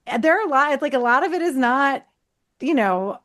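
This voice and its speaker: A woman's voice: high voice, lively intonation, a little fast, a bit bright. A woman co-hosting a horror podcast in casual chat, talking loosely with lots of "like" and "you know". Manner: chatty, many fillers like "like" and "you know". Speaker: podcast co-host.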